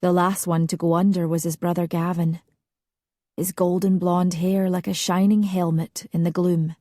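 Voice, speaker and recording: Woman narrating with a low, dry voice. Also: level tone, dark tone, dry recording. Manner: measured, dramatic storytelling. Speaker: audiobook narrator. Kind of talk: scripted narration.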